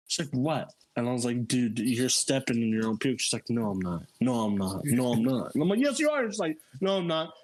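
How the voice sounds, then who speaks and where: A young man casually telling a story on a podcast, animated and laughing, jumping into squeaky high voices for quotes. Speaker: podcast co-host.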